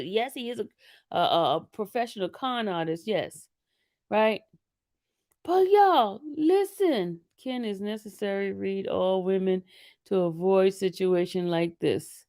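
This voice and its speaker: A woman commentating casually to her viewers, animated and laughing often, calling them y'all. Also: a little high, measured pace. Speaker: commentary channel host.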